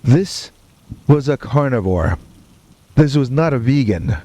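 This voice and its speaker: A man narrating a first-person horror story in a deadpan, matter-of-fact way with wry asides, with rain and thunder behind him. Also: mid-range voice, takes it slowly.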